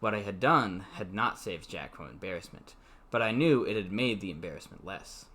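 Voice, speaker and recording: A man's voice: on the low side, lively intonation, moderate pace, pushed and bright. Amateur male reader, mocking, sarcastic, prone to swearing. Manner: sarcastic, swearing asides that break off the reading. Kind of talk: mocking dramatic reading.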